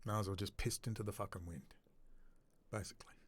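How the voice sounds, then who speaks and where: A man's voice: on the low side, fairly even intonation, brisk, breathy edge. A man in an unscripted, angry, profane rant to camera. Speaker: video blogger.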